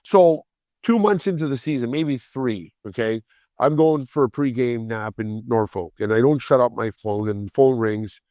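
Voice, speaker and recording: A man in his forties telling a long story on a podcast in a casual way. He acts out the other people's voices, repeats words when he gets excited, and laughs along. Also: medium pitch, normal speed, no echo, studio quality. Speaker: guest storyteller.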